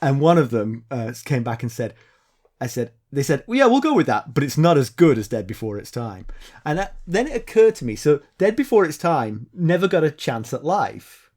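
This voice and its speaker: A man's voice: medium pitch, moderate pace. A man co-hosting a podcast, chatting casually and playfully explaining odd words before summarizing a chapter. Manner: animated storyteller, playful and professorial. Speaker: podcast co-host.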